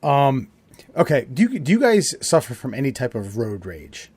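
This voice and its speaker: A man's voice: medium pitch, huge pitch swings, normal speed, a little mellow, breathy edge, no room sound. A man hosting a casual podcast chat, rambling and profane, often laughing. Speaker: podcast host.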